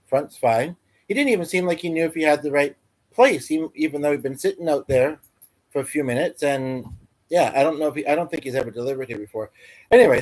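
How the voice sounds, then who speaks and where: A man hosting a casual livestream, telling a meandering everyday story full of fillers and restarts. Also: on the high side. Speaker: livestream host. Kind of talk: rambling casual livestream chat.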